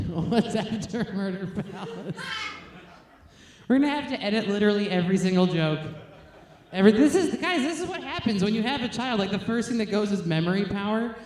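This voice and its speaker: A woman's voice: medium pitch, lively intonation, fairly quick, darkish tone. Woman comic, frank and filthy, laughing at herself, recorded in an echoey club. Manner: crude, blunt and self-mocking; laughs between lines. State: nursing a baby on stage. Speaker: stand-up comic. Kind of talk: stand-up set. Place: comedy stage, roomy venue. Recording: roomy live venue recording.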